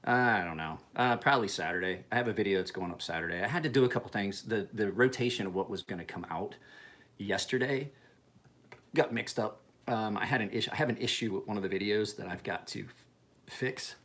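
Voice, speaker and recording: A man's voice: lowish voice, a little fast, a bit bright. A man in his forties ranting casually in a home vlog, heated and full of profanity. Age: 40s. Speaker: knife sharpener vlogger.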